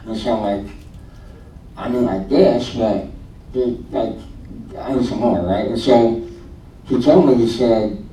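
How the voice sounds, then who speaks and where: A man's voice: medium pitch, a little slow, pauses often, dark tone, distant mic, a little hiss or hum. A man in his thirties giving a personal testimony to a church congregation, telling his story animatedly and acting out his own thoughts with laughter. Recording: roomy hall, speaker away from the mic, faint ambience.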